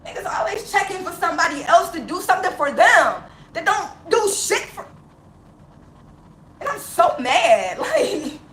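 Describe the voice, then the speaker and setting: A vlogger rants to camera unscripted, heavily profane and impassioned, laughing bitterly and close to tears. Her very high voice is very animated and a bit bright, at a moderate pace. The recording has a roomy echo, faint ambience, and slight background noise.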